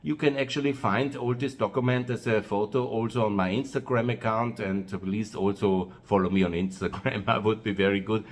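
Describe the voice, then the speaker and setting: A man with an Austrian-accented English voice that sits a little low. He talks in an unscripted, rambling way, pausing on "uh" and circling back to repeat himself. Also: steady tone. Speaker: host of his own video channel. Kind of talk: monologue to camera.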